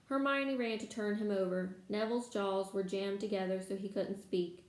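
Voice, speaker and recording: A woman reading a novel aloud to listeners in steady storytelling manner, in an echoey room. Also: medium pitch, normal speed. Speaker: reader. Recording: echoey room, faint background noise.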